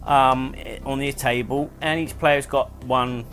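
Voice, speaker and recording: This is a man of medium pitch with a steady, slightly bright tone, talking slowly over faint background music. As host of a casual monthly board game review, he chats his way through the rules, rambling, using fillers and correcting himself.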